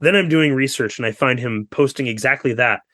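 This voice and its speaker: A man talks through a story as a podcast guest, piling on asides and quick fillers. His voice is bright and forceful, recorded dry and close with no room sound. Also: medium pitch, dry recording. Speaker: guest author. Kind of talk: casual podcast interview.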